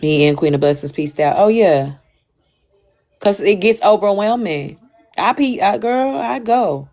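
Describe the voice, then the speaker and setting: A young woman talking candidly and casually to her stream audience, animated and slangy, swinging between loud bursts and quiet asides. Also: medium pitch, a little slow. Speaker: livestream host. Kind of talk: casual chat.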